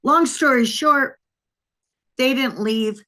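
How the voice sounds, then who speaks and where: A woman's voice: sits high, slow pace, pushed and bright. An older woman from Wisconsin, a former detective, telling a long story in a rambling, conversational way with frequent restarts. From Wisconsin, USA. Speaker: interview guest, former police detective. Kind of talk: anecdotal storytelling in an interview.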